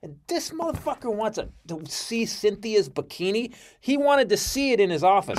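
A middle-aged male comedian telling a story as a podcast guest, profane, swinging between loud outbursts and low mutters. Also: sing-song, moderate pace. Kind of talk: animated storytelling.

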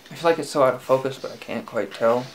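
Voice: mid-range voice, fast, slight background noise. A casual product reviewer at home, talking in a hesitant, rambling way with lots of fillers and restarts. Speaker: e-liquid reviewer.

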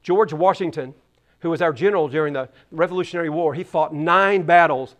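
Man preaching a sermon, high voice, conversational, storytelling, repeats words. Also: a little fast. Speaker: pastor.

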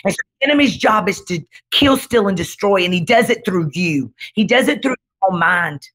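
A woman's voice: medium pitch, expressive, moderate pace, fairly bright tone. A middle-aged woman pastor giving a dramatic, emphatic testimony in conversation, driving her points home with repeated refrains. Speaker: pastor and guest speaker.

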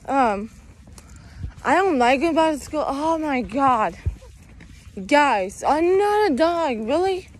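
A woman's voice: high voice, lively intonation, slow pace, long pauses, a little hiss or hum. Breathless young woman vlogging outdoors. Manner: rambling, says "you guys" constantly. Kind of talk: casual vlog chat. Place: outdoors walking around town.

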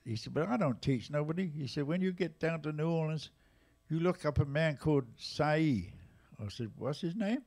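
A man in his eighties with an English accent, casually telling jazz stories at a live museum event, lively and animated in his retelling. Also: a little high, normal speed. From England. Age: 80s. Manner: lively, animated retelling with raised voices for quotes. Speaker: jazz drummer and storyteller guest. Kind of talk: casual anecdotal storytelling.

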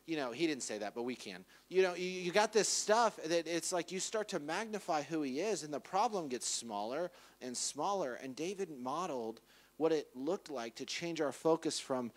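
Casual, animated male preacher. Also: a little high, normal speed. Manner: casual, animated, acts out quoted voices. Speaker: pastor. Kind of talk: conversational sermon. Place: church.

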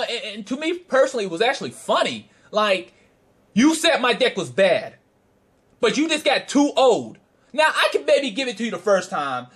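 A man's voice: extremely high pitch, sing-song, normal speed, fairly bright tone, slightly rough. A man casually telling a story in a vlog, brash and profane, with frequent laughter and trash-talk. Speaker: card game player recounting a tournament.

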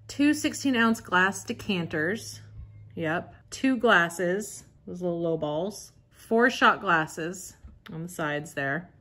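A woman giving casual, excitable commentary as she flips through an old catalog, reading items aloud and reacting. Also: lowish voice. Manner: chatty and excitable, gasps and laughs at items. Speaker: vintage catalog vlogger.

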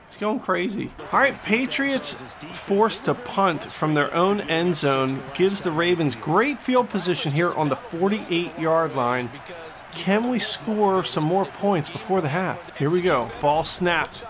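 High-voiced man calling a football video game. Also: measured pace. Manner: excitable sportscaster delivery, jumping to loud exclamations on big plays; playful, cheeky asides. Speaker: gaming channel host. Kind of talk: mock play-by-play commentary over a football video game. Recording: game music playing behind the voice.

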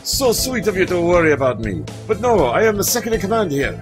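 A man's voice: high-pitched, big pitch swings, quick pace, music in the background. A man voicing a flamboyant young male pigeon student in a dating game, in a theatrical put-on French accent. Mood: flowery. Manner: theatrical and flowery.

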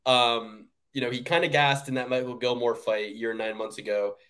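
A man co-hosting a fight-betting show in loose, profane chat. He rants with big swings in pitch and drops his voice low when he trails off. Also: fairly quick. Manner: animated, profane ranting with big pitch jumps. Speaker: podcast co-host. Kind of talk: casual sports betting chat.

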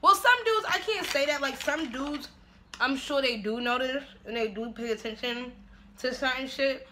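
A woman's voice: high-pitched, normal speed, pushed and bright, slight background noise. A woman vlogging casually at home while doing her makeup, brash and profane, often breaking into laughs. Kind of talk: casual get-ready-with-me chat. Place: at home, making dinner while filming.

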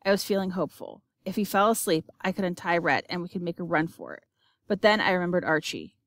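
A woman's voice: fairly low pitch, lively intonation, fast talker, no echo, studio quality. Woman narrating an audiobook expressively.

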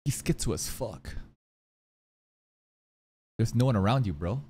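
A man reacting live to an anime episode, excitable and profane, jumping between loud outbursts and low mutters. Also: a little slow, a little hiss or hum.

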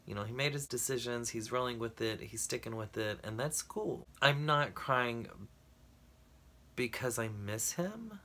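A man's voice: medium pitch, animated, unhurried, sharp tone. A man talking candidly to camera in a personal vlog, blunt and emotional, swearing freely as he rambles. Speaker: vlogger.

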